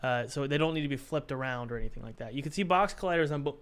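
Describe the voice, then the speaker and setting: A man's voice: medium pitch, racing, clean tone. A young man chatting casually on a live stream, joking and thinking aloud while he works on his game.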